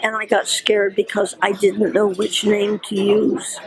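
A woman in her nineties recalling her early career in a lively storytelling way, often laughing as she talks. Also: medium pitch, measured pace, over a noisy crowd. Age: 90s. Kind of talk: storytelling reminiscence.

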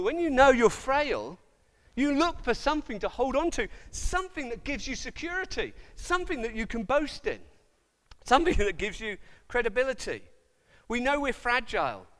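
A man preaching a sermon as pastor in a church, animated and jokey, putting on quoted voices. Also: very high voice, long reverb tail. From Wales.

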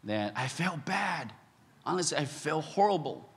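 A man preaching a sermon as a pastor, telling a personal story with laughter, swinging from loud shouts to hushed, quiet moments. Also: a little high, sing-song, unhurried, breathy edge, long reverb tail. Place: large church hall.

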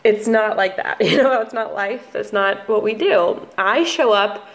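A young woman, a family photographer chatting casually in a relaxed vlog, with plenty of ums and likes. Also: medium pitch, a little slow. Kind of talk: casual talking-head vlog.

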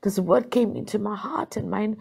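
Woman telling her testimony, raspy and kinda gravelly, earnest, keeps repeating for emphasis, dry sound. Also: mid-range voice, moderate pace, a little mellow, no room sound, poor audio. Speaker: guest sharing a testimony. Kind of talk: emotional personal testimony.

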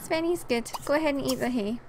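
Woman, gaming host, tired, giggly, high voice, faint noise behind. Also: quick pace. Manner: chatty, giggly, talks to the game characters. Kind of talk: casual let's play commentary.

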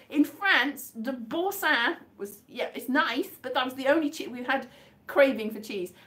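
A woman's voice: sits high, fairly bright tone. A woman from the UK chatting casually in a vlog, rambling and amused with herself as she guesses mystery items by touch. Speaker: vlogger.

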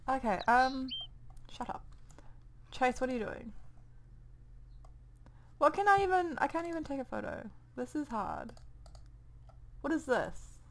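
A woman's voice: sits high, sing-song, measured pace, long pauses. Rambling, chatty New Zealand woman. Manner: rambling, chatty, mutters to herself. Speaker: gameplay commentator. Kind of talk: casual let's play commentary. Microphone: desk microphone.

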